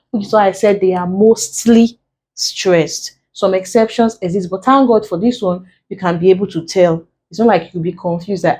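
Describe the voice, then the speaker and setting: A woman with a Nigerian English accent tutoring an exam-prep lesson, slow and deliberate, repeating key points as she writes on a board. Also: lowish voice, darkish tone, husky, rough recording.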